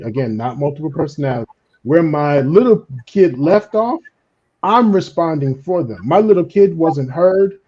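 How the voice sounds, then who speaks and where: A man on a discussion panel, explaining his ideas in an animated way and acting out the inner voices he quotes. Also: a little high, slightly rough, lo-fi sound. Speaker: panelist on a trauma and healing talk. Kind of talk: conversational explanation.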